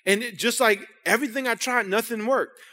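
A man's voice: extremely high pitch, fairly quick, sharp tone. Man preaching in a reverberant church. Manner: storytelling, conversational with repeated restarts. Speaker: pastor. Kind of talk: sermon. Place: church sanctuary. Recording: long hall reverb in church.

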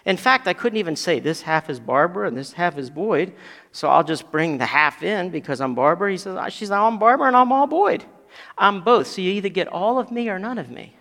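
A man preaching a sermon as pastor, building to loud emphatic peaks and dropping to quiet asides. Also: high voice, expressive, fairly quick, long reverb tail.

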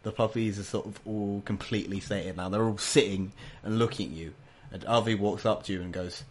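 Male game master, lowish voice, rambling and halting narration. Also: steady tone. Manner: rambling, full of restarts.

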